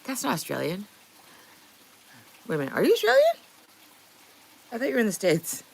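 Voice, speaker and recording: Gravelly, lively woman chatting on a livestream. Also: mid-range voice, brisk. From Canada. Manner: blunt, swears freely, laughs often. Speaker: livestream host. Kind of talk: casual livestream chat with viewers.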